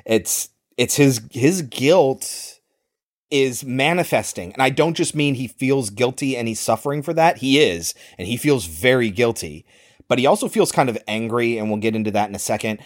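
This man's voice sits in the mid range and moves at a normal speed. Co-hosting a podcast, he gives a loose, animated movie recap, cursing along the way and performing the characters' lines himself.

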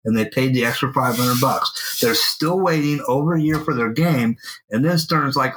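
A man co-hosting a podcast, telling a long story in a casual, animated way and swearing freely. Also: mid-range voice, normal speed, breathy edge, poor audio. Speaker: podcast co-host. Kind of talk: casual chat. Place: at home.

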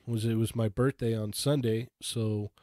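A man on a podcast casually telling a shopping story, acting out his quotes with animated voices. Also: on the low side, normal speed, dry recording, studio quality. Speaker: podcast co-host.

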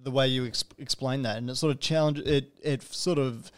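A man's voice: medium pitch, fairly even intonation, moderate pace, clean tone. Rambling man hosting a podcast. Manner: rambling, self-correcting, playful asides. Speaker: podcast host. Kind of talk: casual interview chat.

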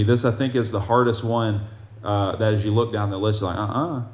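A man preaching a sermon, reading scripture aloud with force and dropping to soft, gentle asides. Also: on the low side, moderate pace, reverberant.

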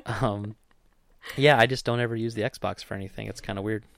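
A man's voice: lowish voice, steady tone, a little fast, vocal fry, fairly bright tone, dry recording, clean studio sound. A man co-hosting a podcast, talking in a casual, rambling way with lots of fillers and jokes. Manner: rambling, filler-heavy, joking. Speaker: podcast co-host. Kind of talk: casual chat.

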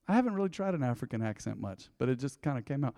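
A man's voice: medium pitch, big pitch swings, quick pace, warm tone, in a large hall. A man preaching a sermon, telling stories in a conversational way and calling out to the congregation. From United States. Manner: conversational, storytelling, engaging the crowd. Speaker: pastor. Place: church hall.

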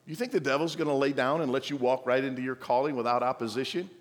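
A man's voice: mid-range voice, quick pace, in a large hall. A male pastor preaching a sermon, exhorting the church with playful asides and mock voices of the congregation.

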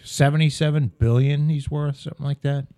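A man's voice: on the high side, fairly even intonation, a little fast, mellow, no echo, clean studio sound. A man, rambling through crude casual banter. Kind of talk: casual chat.

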